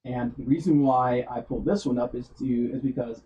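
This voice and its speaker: A man's voice: medium pitch, fairly even intonation, a little fast, warm tone, highs cut off. A man hosting a casual streamed chat show, rambling with lots of fillers and laughing often. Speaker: podcast host.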